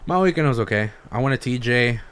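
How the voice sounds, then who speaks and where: A man's voice: mid-range voice, expressive, fast, fairly bright tone, clean tone. A man co-hosting a podcast, telling stories in a laid-back, slangy, profane casual chat. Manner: laid-back slangy storytelling, lots of swearing. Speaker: podcast co-host.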